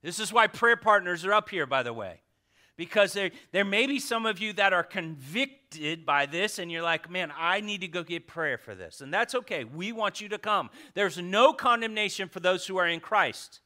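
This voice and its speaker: A man preaching a lively sermon from a church stage. His voice sits high and climbs and dips all over, one moment near a shout and the next a hushed aside. He jokes with the congregation between points. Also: normal speed. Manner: passionate, swings from loud to hushed, jokes with the congregation. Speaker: pastor. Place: church sanctuary.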